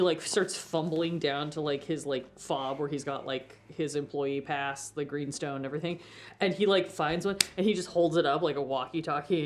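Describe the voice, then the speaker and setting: A woman narrating as game master in a tabletop game, chatty and full of fillers. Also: low voice. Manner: chatty, lots of fillers, laughs often.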